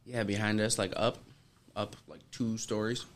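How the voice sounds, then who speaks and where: A young man co-hosting a casual podcast, bantering in a laid-back, opinionated way with a gravelly voice. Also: on the low side, fairly even intonation, moderate pace. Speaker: podcast co-host. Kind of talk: casual chat. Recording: faint background noise.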